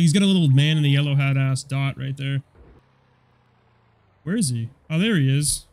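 A young man giving casual, profane commentary over a car combat game, rambling and quick to get annoyed. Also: a little high, darkish tone. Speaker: gameplay commentator.

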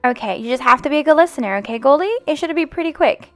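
A woman hosting a game roleplay as the mom, talking in an animated, playful, motherly coaxing way. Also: high-pitched, fast talker, no echo, soft background music. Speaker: host and roleplayer playing the mom. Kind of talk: casual game roleplay chat.

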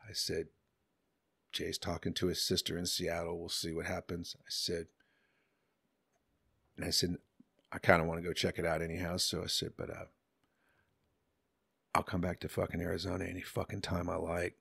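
A middle-aged man telling a story in a casual chat, animated and profane, acting out the people he quotes. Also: low-pitched, moderate pace, creaky, pauses often, husky. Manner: animated, swearing, acts out quotes in other voices. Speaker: podcast guest.

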